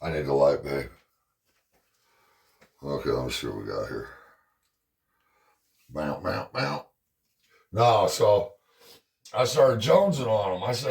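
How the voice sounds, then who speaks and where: A man's voice: medium pitch, animated, measured pace, long pauses, slight background noise. A middle-aged man telling a casual story at home while working on a dryer, profane and rambling, laughing often. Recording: roomy sound from a distance.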